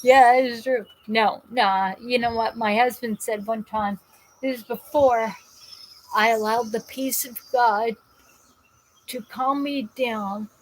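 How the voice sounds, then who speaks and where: Jersey woman running a live stream, kinda high voice, rambly and animated, keeps restarting sentences. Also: takes it slowly, low-quality recording. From New Jersey. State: in pain. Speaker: host of a live call-in show. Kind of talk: casual live-stream chat, reading viewer comments.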